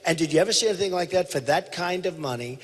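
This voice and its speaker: A man's voice: high voice, expressive, quick pace, breathy edge. Emphatic, repetitive man in a long theater reverb. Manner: emphatic, repetitive, boastful, quotes others in a mimicking voice. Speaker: presidential candidate speaking at a rally. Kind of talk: rally speech in conversation onstage. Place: large theater hall.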